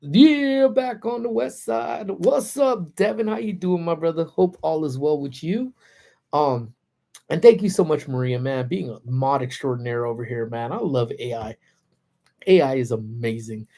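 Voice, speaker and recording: A man's voice: fairly high pitch, moderate pace, creaky, warm tone. Chatty man hosting a livestream. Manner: chatty, reads out viewer names. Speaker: livestream host. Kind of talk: casual live chat. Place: car on lunch break.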